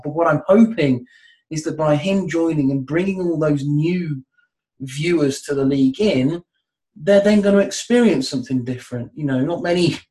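A man with a voice a little higher than usual talks through a football question on a podcast. He thinks aloud and circles back with fillers as his ideas form. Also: darkish tone, poor audio. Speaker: football pundit. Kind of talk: casual podcast discussion.

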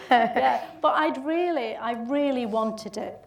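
A woman's voice: high-pitched, extremely slow, far from the mic, crowd noise. A woman with a Bolton accent, an actress telling stories as a guest in a casual interview, chatty and laughing through her anecdotes. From England. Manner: chatty, laughing storyteller with restarts. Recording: roomy sound from off mic.

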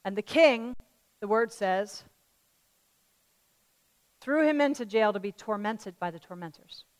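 A woman pastor preaching a sermon, swinging between loud fervent declarations and quiet conversational asides, telling a parable in a chatty way. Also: medium pitch, animated, a little slow. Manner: tells a parable in a chatty storytelling way.

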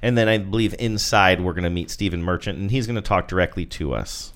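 A man's voice: low voice, fast talker, a bit bright. A man co-hosting a casual chat, joking and describing commercials. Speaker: podcast co-host. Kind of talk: casual chat reviewing ads.

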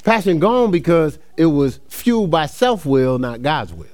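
His voice is on the high side, a little mellow, sing-song and slightly slow. A middle-aged New Jersey man, he tells his sermon as an easygoing personal story, laughing often and calling everyone y'all.

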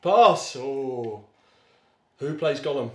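A man's voice: mid-range voice, animated, drawn-out words, fairly bright tone, echoey room. A man hosting a casual quiz on a podcast, teasing and laughing often. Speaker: podcast host.

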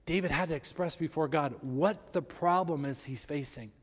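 A man preaching a sermon as a pastor, reading scripture aloud with emphasis and animated delivery. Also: a little high, moderate pace. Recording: long reverb in a large hall.

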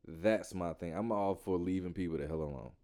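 A man in casual conversation, co-hosting a talk show, lively and swearing freely as he acts out quotes. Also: low voice, brisk. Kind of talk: casual chat.

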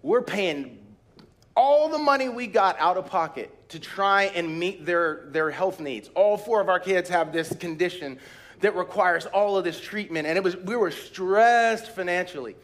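Man, pastor, high voice, animated storytelling sermon, acts out voices, shouts praise. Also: a little slow. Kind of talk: sermon with personal stories. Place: church retreat.

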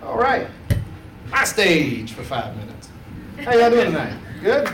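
A man's voice: high-pitched, wildly swooping pitch, measured pace, very noisy. A man doing a laid-back, chatty stand-up set on a comedy club stage, laughing at his own jokes. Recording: roomy club sound from a distance.

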